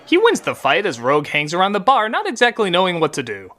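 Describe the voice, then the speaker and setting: A middle-aged man narrating a comedy film review with a bright, sarcastic delivery. His pitch leaps around expressively, and a faint music bed sits underneath. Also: quick pace. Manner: sarcastic, animated. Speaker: host, film critic.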